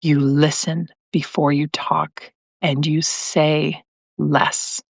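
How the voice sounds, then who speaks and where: A woman quoting a gentle, soft-spoken woman mentor, speaking slowly and tenderly. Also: low-pitched, steady tone, no echo. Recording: dry, slightly muffled stream audio.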